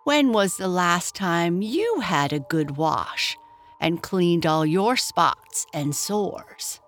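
A woman's voice: fairly low pitch, lively intonation, takes it slowly, fairly bright tone, faint music behind. A woman voicing a tiny, fussy, well-spoken male grub in a read-aloud storybook.

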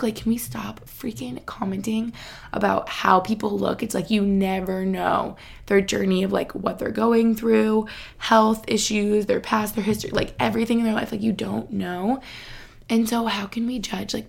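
A woman's voice: mid-range voice, vocal fry. A young woman hosting a podcast, chatting casually and emotionally, reading her own post aloud with lots of "like.". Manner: chatty, emotional, heavy use of "like". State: close to tears. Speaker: podcast host.

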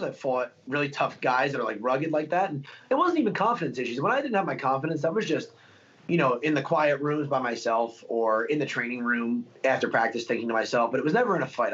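A young man rattles through his stories at a quick clip, full of fillers and restarts. He speaks in a casual interview tone, and the sound is a little dull and lo-fi. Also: medium pitch, lively intonation, fairly bright tone. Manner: fast, rambling storytelling with many fillers. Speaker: fighter being interviewed.

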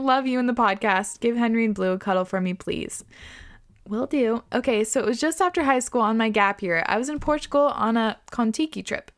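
Reading listener stories on her casual podcast, a young female host responds with laughing, chatty reactions and lots of swearing. Her voice sits on the high side.

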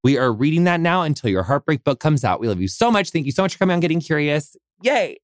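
A man's voice: fairly high pitch, sing-song, fast talker, dry recording, studio quality. An American man hosting a podcast interview, gushing and effusive, full of fillers and casual swearing. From United States. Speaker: podcast host.

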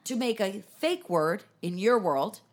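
A woman's voice: medium pitch, big pitch swings. Earnest young woman hosting a chat. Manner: enthusiastic, earnest, quick bursts. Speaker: podcast host. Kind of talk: casual chat.

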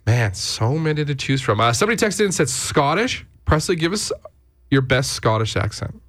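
A man's voice: mid-range voice, fairly quick. A man hosting a morning radio show, chatting casually and joking with a co-host and callers. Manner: jokey, animated, puts on silly accents.

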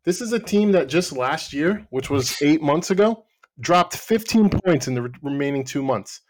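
A man's voice: fairly high pitch, animated, moderate pace, slight background noise. A man talks bluntly on a football podcast, arguing his point with sarcasm. He swears freely and sounds fed up with his team's performance. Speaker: podcast co-host, Arsenal fan. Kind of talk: heated casual football debate.

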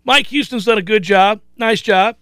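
A man hosting a sports betting radio talk show, emphatic and quick with asides. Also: high voice, fairly bright tone, clear, resonant tone, dry recording, studio quality.

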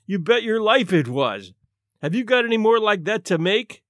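A man voicing a hungry, blustering, stout former police captain who growls and grumbles loudly in a storybook reading. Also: high-pitched, sing-song, moderate pace, no room sound, studio quality, voice pushed up. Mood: grumbling. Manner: growling, grumbling, loud and huffy.

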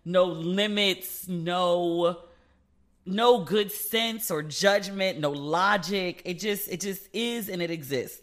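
A man with a high, bright voice hosts a solo podcast in a loose, confiding way. He swears freely and acts out both sides of remembered conversations. His talk is casual and unscripted throughout. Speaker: podcast host; relationship advice podcaster.

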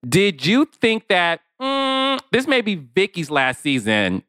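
A man hosts a conversational podcast interview, asking probing yet sympathetic questions. His voice is bright and forceful, smooth and crisp, recorded dry and close. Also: high voice, sing-song, slow, dry recording. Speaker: podcast host, former reality TV producer.

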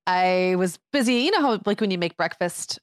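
A woman's voice: lowish voice, expressive, moderate pace, clean tone, no echo, clean studio sound. A woman in her thirties co-hosting a podcast, telling stories animatedly and laughing often. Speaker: podcast co-host. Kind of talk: casual chat.

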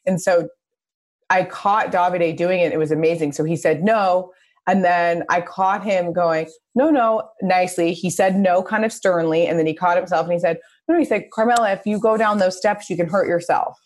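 Chatty lower-voiced woman host. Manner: chatty, animated storytelling, quick asides. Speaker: podcast host. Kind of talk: casual podcast conversation.

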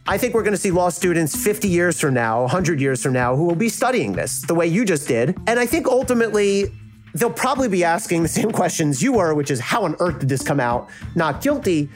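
A man's voice: high-pitched, sing-song, fairly quick, faint music behind. A man with a South Jersey accent, a former prosecutor speaking frankly in a casual interview and acting out the reactions he quotes. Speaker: legal analyst and former prosecutor.

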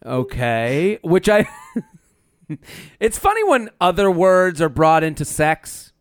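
A man's voice: a little high, very animated, takes it slowly, no room sound, studio quality. A man from the US Northeast co-hosting a comedy chat show, joking and laughing often as he reads out a listener letter. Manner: joking, laughs often, playful voices when quoting. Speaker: podcast co-host.

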